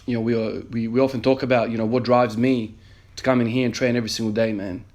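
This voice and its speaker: A man's voice: mid-range voice, flat delivery, quick pace, a little mellow. A man in his thirties, an emergency nurse, earnestly telling a story in a motivational vlog with many fillers. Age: 30s.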